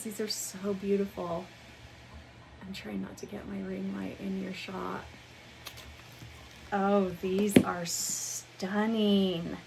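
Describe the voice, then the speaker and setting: A young adult woman hosting a book channel, chatting casually and gushing with excitement as she unboxes books at home. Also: medium pitch, noisy background. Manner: gushing, excited, calls viewers "you guys". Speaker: booktube host. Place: home room with ring light.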